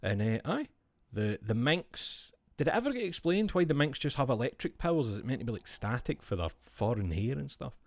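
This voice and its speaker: A man's voice: medium pitch, big pitch swings, a little fast, no echo. A Scottish man streaming, chatting casually and explaining with gusto, swearing freely. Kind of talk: casual chat while showing cards.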